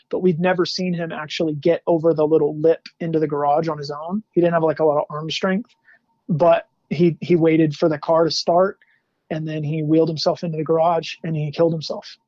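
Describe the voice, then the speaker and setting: A man's voice: on the high side, a little mellow, no echo. A man from Salt Lake City telling a painful personal story as a podcast guest, speaking in a candid, slangy and emotional way. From Salt Lake City, USA. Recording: dull lo-fi dry sound.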